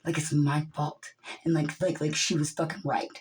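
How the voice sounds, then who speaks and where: Profane, ranting woman, lowish voice. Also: little pitch movement, normal speed, rough recording. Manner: profane, swings from low muttering to yelling. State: upset. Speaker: vlogger. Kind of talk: angry venting monologue.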